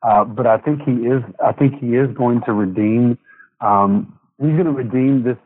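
A man's voice: mid-range voice, normal speed, no room sound. A male guest in a casual faith conversation, speaking reflectively with many fillers, heard over a phone line.

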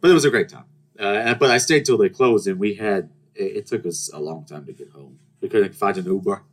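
A young podcast host with a lowish, fairly quick, breathy voice delivers a casual storytelling monologue. He rambles and jokes, restarting sentences and breaking into mock-outraged rants.

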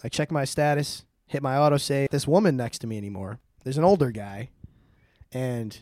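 A young man in casual podcast chat, telling a rambling, animated story and swearing often. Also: medium pitch, moderate pace, no room sound, studio quality. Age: young adult. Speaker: podcast co-host.

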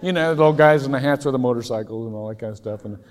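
A man from Ohio preaching a sermon in a casual, storytelling way, with occasional loud shouted impressions. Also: mid-range voice, rapid-fire. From Ohio, USA. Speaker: pastor. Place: large church sanctuary. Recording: church hall reverb.

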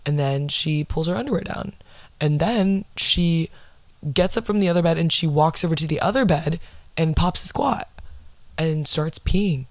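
A woman vlogger telling a story in a blunt, profane, excitable way, casually recapping a show. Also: sits low, moderate pace, no echo.

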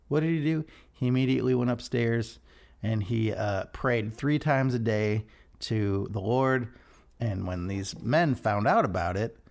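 A man giving a casual devotional talk, rambling and correcting himself as he retells a scripture story. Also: mid-range voice. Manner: rambling, self-interrupting, animated. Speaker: devotional speaker.

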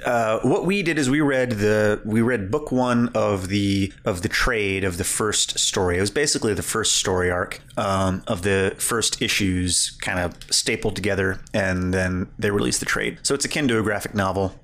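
A man's voice: on the low side, moderate pace, few pauses, fairly bright tone. A man co-hosting a podcast, chatting casually about comics with frequent laughs and rambling asides. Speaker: podcast co-host. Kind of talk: casual chat.

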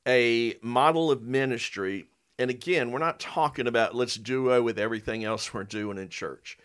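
A man's voice: medium pitch, a bit bright. A man co-hosting a podcast about marriage ministry, talking casually with hesitant fillers. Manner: folksy, reads a quote aloud with hesitant fillers.

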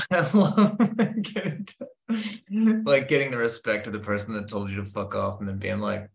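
A man's voice: on the low side, normal speed, vocal fry, muffled recording. A man co-hosting a podcast who reacts with enthusiasm and laughs often. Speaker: podcast co-host. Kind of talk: casual chat.

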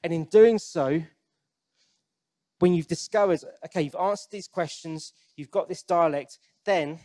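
A man's voice: fairly high pitch, darkish tone. A man preaching a sermon in a conversational, earnest way, often restarting his sentences and asking the congregation questions. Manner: asks the congregation direct questions.

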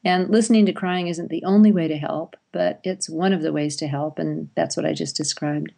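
A woman's voice: low voice, steady tone, moderate pace, gravelly, warm tone. A woman, a parenting expert guest, explaining and telling stories in conversation, acting out parent and child lines. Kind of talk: conversational interview.

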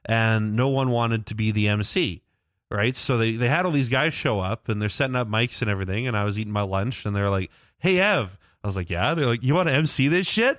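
A man's voice: lowish voice, fairly quick, fairly bright tone, no echo, clean studio sound. A young man telling long rambling stories on a podcast, swearing often and filling his talk with "like" and "uh". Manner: rambling, profane, many fillers. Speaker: podcast co-host. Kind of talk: casual storytelling chat.

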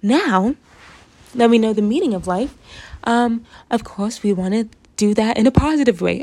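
A woman's voice: a little high, a little slow, a little mellow. A woman from the United States talking casually to camera, rambling through her thoughts with frequent laughs and asides. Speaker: vlogger.

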